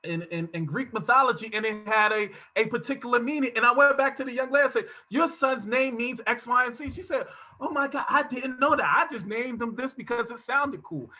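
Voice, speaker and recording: A man's voice: extremely high pitch, bright, forceful tone. A middle-aged man presenting at an online workshop, telling stories and acting out the people he quotes. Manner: storytelling, acts out quoted voices. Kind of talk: casual talk on online workshop. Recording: dull, lo-fi video call audio.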